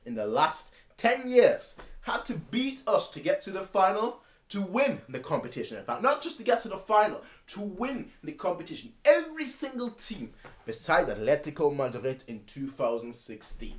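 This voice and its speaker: A man's voice: a little high, sing-song, normal speed. A man hosting a football fan channel, giving a casual match preview in an emphatic, slangy, repetitive way.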